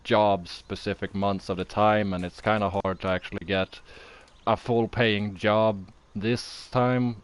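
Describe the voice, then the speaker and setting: A man's voice: on the low side, clean tone. A young man hosting a casual stream chat, rambling and teasing, with many fillers. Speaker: streamer and interview host.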